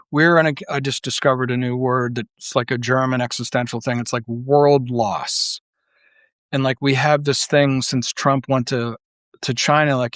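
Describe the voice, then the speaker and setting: A man's voice: medium pitch, a bit bright, dry recording. A man giving a casual monologue as a political commentator, rambling and blunt, full of filler words and restarts. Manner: blunt and profane.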